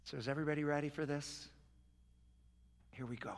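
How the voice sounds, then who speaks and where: A man leading a sermon's closing prayer, moving from hushed, tender prayer to loud, forceful proclamation. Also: a little high, steady tone, fairly quick, in a large hall. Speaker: pastor. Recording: live sermon with music behind. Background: soft worship music.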